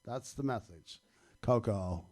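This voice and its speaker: Wry, slow-talking male storyteller. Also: lowish voice, darkish tone. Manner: wry, darkly comic, chuckles at his own punchlines. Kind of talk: live personal storytelling. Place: stage at a live storytelling event.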